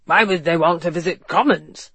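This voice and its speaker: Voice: mid-range voice, moderate pace, fairly bright tone, breathy edge, no room sound. A narrator voicing a nervous, irritable older male police chief who speaks tense and testy in an audiobook. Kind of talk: audiobook character reading.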